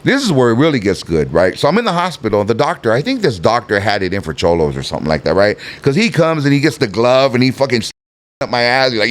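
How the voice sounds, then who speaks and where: A middle-aged man spins a long, animated story in a relaxed interview. His pitch leaps up and down as he acts out everyone else in the tale, and he swears freely along the way. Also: fast talker. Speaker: guest telling a story. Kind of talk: casual storytelling.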